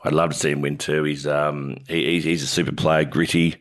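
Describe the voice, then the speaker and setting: An Australian man co-hosting a sports show, matey and halting, with many restarts. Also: a bass voice, level tone. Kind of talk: casual sports chat.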